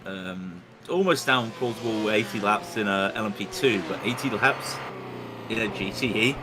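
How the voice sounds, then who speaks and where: A low-pitched man calls a sim race from his home computer. He rambles, restarts his sentences and apologizes along the way, and steady noise sits under his voice on the stream. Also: normal speed. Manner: rambling, self-interrupting, apologetic. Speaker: sim racing commentator. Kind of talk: live race commentary and chat. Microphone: home computer mic over unstable internet. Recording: noisy stream with connection dropouts.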